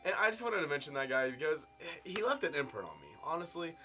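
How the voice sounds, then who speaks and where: A man in his twenties tells a casual story-time tale to his viewers, with big swings in loudness and pitch. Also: very animated, fast talker, soft background music. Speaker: vlogger telling a story. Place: indoor room at home.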